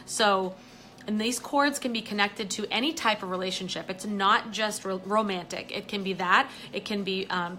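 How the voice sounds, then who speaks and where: A woman's voice: mid-range voice, bright, forceful tone. A woman giving a live angel card reading in a chatty way, often saying "you know" and greeting viewers as she goes.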